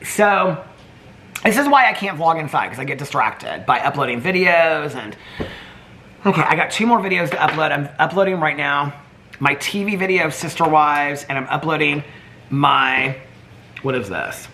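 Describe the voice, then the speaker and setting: A man's voice: a little high, animated, moderate pace, sharp tone, a little hiss or hum. A man chatting casually in a home vlog, rambling from one thought to the next. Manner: chatty, rambling, talks to his pets in baby talk. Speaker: vlogger. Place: indoors at home.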